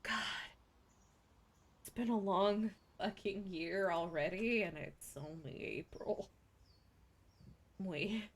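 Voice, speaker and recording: A woman's voice: mid-range voice, takes it slowly, pauses often. A young woman streamer chatting casually, self-deprecating and swearing freely.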